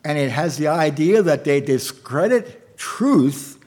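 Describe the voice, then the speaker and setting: A man preaching an evening sermon and reading scripture aloud, in a halting way with fillers and repeated words. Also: fairly high pitch, expressive, darkish tone.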